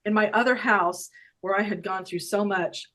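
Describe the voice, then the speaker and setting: Older woman guest, animated storyteller who laughs a lot and acts out her own quotes, video call. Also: medium pitch, moderate pace, low-quality recording. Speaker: guest energy healer. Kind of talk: casual personal storytelling.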